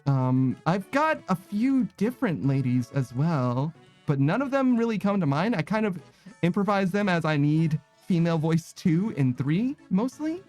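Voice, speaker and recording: A man chats loosely with his stream viewers as he plays, his voice sitting a little high for a man. He rambles, second-guesses himself and breaks into laughter often. Faint music plays underneath. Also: sing-song, normal speed, a little mellow. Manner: giggly, rambling, self-conscious. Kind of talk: casual chat with viewers while gaming.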